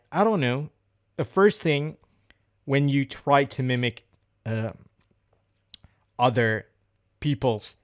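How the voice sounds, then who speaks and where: Guy doing english speaking practice, slow and halting, keeps repeating himself while he looks for words. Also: medium pitch, clean tone. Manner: hesitant, searching for words, repeating phrases. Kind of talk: unscripted practice monologue.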